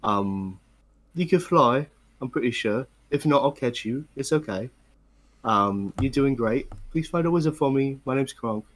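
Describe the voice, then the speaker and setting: A man playing Kronk, a gentle bird-loving brute. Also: medium pitch, lively intonation, unhurried, slight background noise. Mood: tender. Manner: soft, earnest, sweet. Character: big gentle male brute who loves birds.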